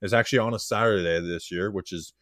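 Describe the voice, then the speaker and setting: A man's voice: deep voice, fast talker, fairly bright tone, no echo, studio quality. A man hosting a casual podcast chat, talking candidly in a subdued, heartfelt way. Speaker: podcast host.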